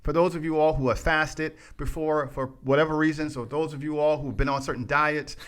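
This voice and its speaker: A man's voice: a little high, steady tone, a little fast, fairly bright tone, clear, resonant tone. A man co-hosting a podcast, ranting in casual chat, restarting phrases and talking straight to his listeners. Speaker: podcast co-host.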